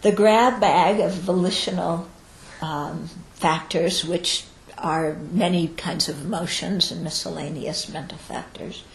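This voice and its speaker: A woman's voice: fairly low pitch, fairly even intonation, measured pace, gravelly. A woman giving a Buddhist teaching to students, explaining step by step and often checking in with "okay?". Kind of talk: dharma talk to students. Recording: roomy echo.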